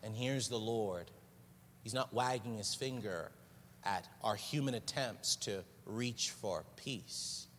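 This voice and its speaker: A man delivers a sermon slowly and earnestly, dwelling on repeated phrases. His voice sits very low. It rings out with a long reverb across a church sanctuary over faint background noise. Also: fairly bright tone. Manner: earnest, unhurried preaching with pauses and repeated phrases. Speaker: pastor.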